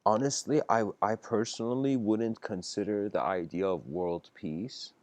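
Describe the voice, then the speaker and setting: Low-voiced man telling a story casually. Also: a little slow, darkish tone, dry recording. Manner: casual, laughs often, many fillers and restarts; acts out characters' lines in quoted voices. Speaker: lecturer. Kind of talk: informal storytelling lecture.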